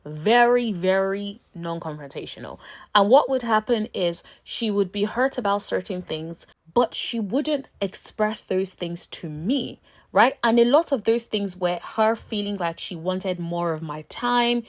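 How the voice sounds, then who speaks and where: A woman's voice: medium pitch, unhurried. Chatty woman recapping reality TV. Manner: animated storytelling, acts out friends' voices. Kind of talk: casual commentary.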